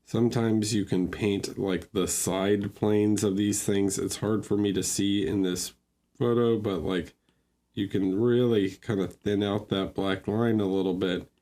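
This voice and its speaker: A man gives casual livestream feedback on painted miniatures, thinking aloud and greeting viewers between points. His voice sits a little low, and he talks slowly and unhurriedly, like someone working through a critique at a desk mic. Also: fairly even intonation, mellow.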